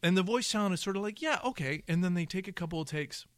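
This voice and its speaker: A high-pitched man talks very fast with no room sound, co-hosting a podcast. He's an audio professional chatting casually about voice work, rambling with lots of restarts and asides.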